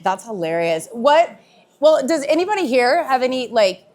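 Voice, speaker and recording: A woman's voice: high-pitched, sing-song, moderate pace, a little mellow. A woman, a radio host, moderating a convention panel with chatty, loosely worded questions.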